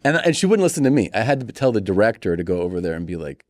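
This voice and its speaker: A comedian in his forties, appearing as a podcast guest, animatedly tells funny family stories and acts out the voices he quotes. He talks rapid-fire at a fairly low pitch, and there's no room sound.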